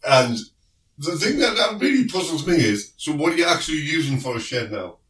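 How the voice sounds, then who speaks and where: A man's voice: fairly high pitch, big pitch swings, fairly quick, fairly bright tone. Laughing, teasing South London man. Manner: jokey and teasing, laughs often. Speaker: podcast co-host, radio presenter. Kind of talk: casual chat. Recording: roomy, distant mic, faint noise.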